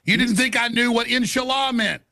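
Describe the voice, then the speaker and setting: Gravelly, combative man in heated debate. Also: extremely high pitch, fairly even intonation, brisk, bright, forceful tone. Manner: combative, repetitive, interrupting.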